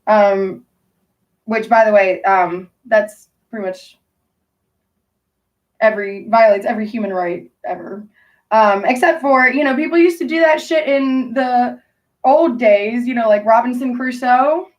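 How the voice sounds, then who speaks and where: A woman's voice: a little high, measured pace, distant mic, lo-fi sound. A woman telling rambling, profane stories in casual chat with her stream audience. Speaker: livestreamer talking to chat.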